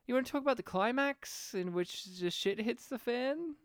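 Very high-pitched and smooth, a man's voice moves at a moderate pace as he co-hosts a podcast reviewing a movie. The casual chat is animated and heavy with swearing, and he acts out quotes. There's no echo, and the sound is studio quality.

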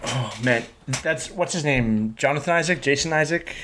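A man hosting a podcast, talking casually with halting restarts and self-deprecating humor. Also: a little high, noisy background. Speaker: host.

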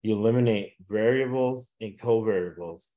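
A man hosting a sports betting podcast, talking casually and loosely, with lots of "uh" fillers and quick laughs. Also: lowish voice, warm tone. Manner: rambling, frequent "uh" fillers, laughs at own jokes. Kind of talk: casual chat with picks.

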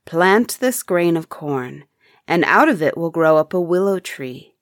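A woman voicing a kindly magical cow in a folk tale, speaking softly and slowly. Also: fairly low pitch, expressive, no echo, studio quality. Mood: soothing. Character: gentle magical talking heifer, female.

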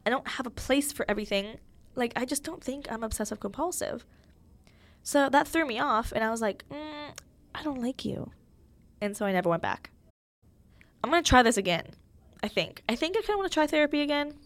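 A woman's voice: a little high, animated, fairly quick. A young woman hosting a podcast, talking candidly and emotionally in a casual chat full of fillers. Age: young adult. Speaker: podcast host.

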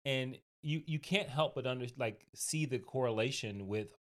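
A man co-hosting a podcast, talking in halting casual chat with many restarts. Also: medium pitch. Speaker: podcast co-host.

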